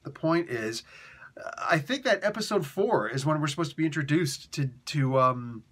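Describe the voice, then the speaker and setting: A man hosting a comic book review show, talking in a casual, animated way, often laughing and sounding exasperated. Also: on the high side, normal speed, breathy edge.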